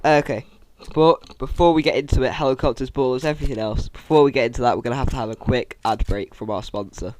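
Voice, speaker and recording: A man's voice: medium pitch, fast talker, a little hiss or hum. Chatty man recapping game leaks. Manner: chatty, jokey asides, self-described monotone delivery. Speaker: gaming YouTuber. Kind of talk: casual game-news commentary over gameplay.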